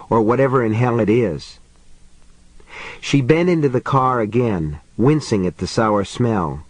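A man's voice: mid-range voice, no room sound, poor audio. Man narrating a novel, dry close sound. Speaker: audiobook narrator. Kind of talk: scripted narration.

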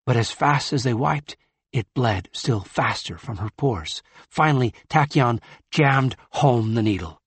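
A male audiobook narrator with a measured, grave delivery. His voice is slightly husky and he takes his time over every line. The recording is close and dry. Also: mid-range voice, expressive, no echo. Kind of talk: scripted narration.

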